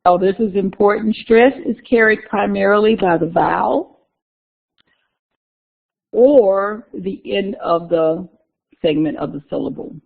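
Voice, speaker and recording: A woman's voice: medium pitch, unhurried, gravelly, long pauses. Woman lecturing over a tinny recording. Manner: conversational, repeats key terms, talks through slides. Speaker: instructor.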